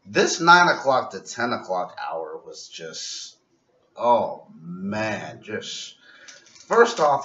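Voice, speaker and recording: A man's voice: lowish voice, very animated, drawn-out words, sharp tone. A man giving a casual, opinionated vlog review of a wrestling show, ranting and critical. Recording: dull lo-fi sound in a roomy space from a distant mic.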